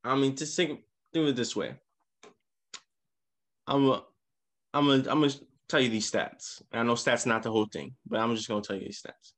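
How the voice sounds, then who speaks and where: A man co-hosting a casual sports podcast, walking through game recaps with lively emphasis. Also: mid-range voice, normal speed, long pauses. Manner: animated, leads the game recaps. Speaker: podcast co-host.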